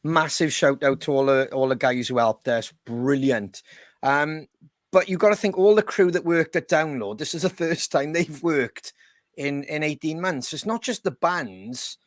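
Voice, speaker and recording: Chatty man, slightly high voice. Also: a little slow, no room sound, clean studio sound. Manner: rambling, swears freely, laughs often. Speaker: band member co-hosting a podcast. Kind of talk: casual chat.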